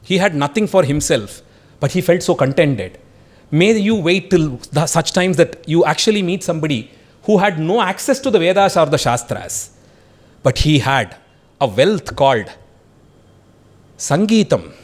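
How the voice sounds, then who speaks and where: A man's voice: fairly high pitch, expressive, normal speed. A man voicing an assembly of celestial gods who solemnly pronounce a curse.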